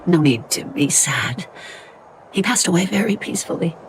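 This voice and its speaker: An actress voicing a loving elderly mother in a game cutscene, speaking slowly and comfortingly. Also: fairly low pitch, animated, slight background noise, close to an everyday voice. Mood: consoling. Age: older. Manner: warm, slow, comforting. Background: game music.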